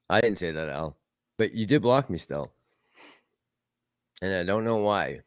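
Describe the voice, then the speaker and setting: A man's voice: deep voice, lively intonation, measured pace, pauses often, clear, resonant tone, no echo, studio quality. A man hosting a casual livestream, rambling and laughing as he reads out and answers chat messages. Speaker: livestream host reading chat.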